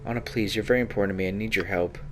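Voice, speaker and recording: A man's voice: on the low side, fairly even intonation, rapid-fire, slight background noise, close to an everyday voice. A man reading the lines of an earnest, plain-spoken amnesiac male hero in a fantasy game.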